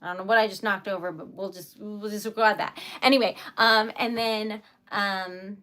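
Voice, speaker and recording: A woman livestream host and poet chatting casually and giggling often, with scattered, unhurried talk. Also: medium pitch, steady tone, fairly bright tone, soft background music. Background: typewriter clacking.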